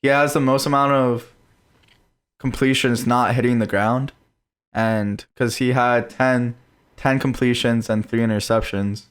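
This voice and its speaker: A young man with a smooth, clear voice chatting about sports on a podcast. He talks fast and animated, rambles through his points with quick restarts, and has a bit of the hiccups. His pitch sits in the middle for a man. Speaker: podcast co-host. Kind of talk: casual sports chat.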